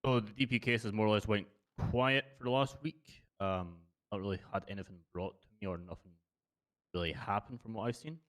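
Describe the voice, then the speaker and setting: Brief: man, lowish pitch, hesitant roleplay officer report. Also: a little fast, a bit bright. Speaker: police officer in a roleplay meeting. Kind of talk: casual roleplay chat.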